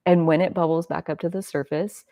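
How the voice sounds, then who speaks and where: A woman's voice: deep voice, fairly even intonation, brisk, warm tone, no room sound. A woman hosting a casual spiritual self-help talk, reflective and rambling, with many filler words. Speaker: host.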